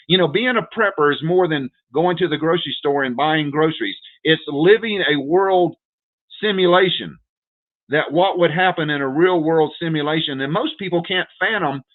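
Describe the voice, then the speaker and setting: A man hosting a livestream, lecturing viewers in an urgent, repetitive way and calling them "folks" over and over. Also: fairly high pitch. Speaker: prepper livestream host. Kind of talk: direct-to-viewer livestream rant. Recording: tinny phone-like audio.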